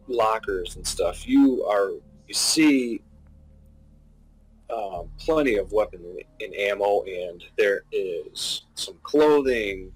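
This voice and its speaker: A man narrating as game master of a tabletop game, describing scenes haltingly with many restarts, while he has the hiccups. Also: lowish voice, slightly rough, rough recording.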